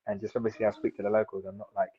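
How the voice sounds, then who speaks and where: A man's voice: on the low side, flat delivery, very fast, warm tone. A man in his thirties from South London, chatting casually as an interview guest, rambling with lots of fillers and restarts. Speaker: guest, seaweed farmer. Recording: dull lo-fi sound.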